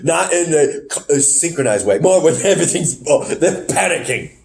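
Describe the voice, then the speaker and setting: A man with a high voice hosts a casual review podcast, and his pitch swings widely as he recaps. He rambles, catches his own mistakes mid-sentence and fixes them out loud, then bursts with excitement. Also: normal speed, vocal fry. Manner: rambling, self-correcting, excitable. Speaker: podcast host.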